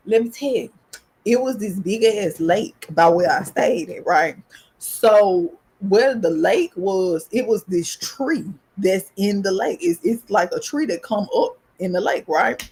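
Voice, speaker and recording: Southern woman podcast host, gravelly and husky, animated casual storyteller, swears freely. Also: normal speed. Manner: animated, profane, rising pitch in excitement.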